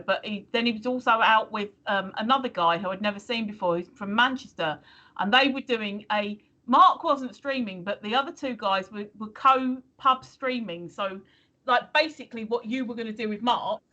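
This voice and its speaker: Older female co-host, bright and a little high, hesitant storytelling. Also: highs cut off. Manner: rambling with many hesitations. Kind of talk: casual livestream chat.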